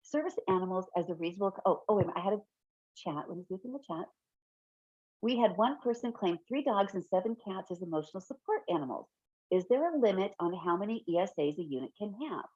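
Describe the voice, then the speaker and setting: A woman's voice: medium pitch, lively intonation, fast, mellow, breathy edge, no echo. Chatty woman trainer on dull webinar audio. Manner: chatty, laughs often, self-correcting. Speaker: fair housing trainer. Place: home office.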